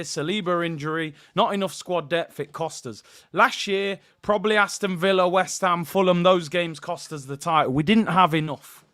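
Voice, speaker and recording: A man talks live to his stream viewers. He rants in an animated, exasperated way and keeps calling out to the chat. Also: sits high. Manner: animated, exasperated rant addressing viewers as people. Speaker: football channel host.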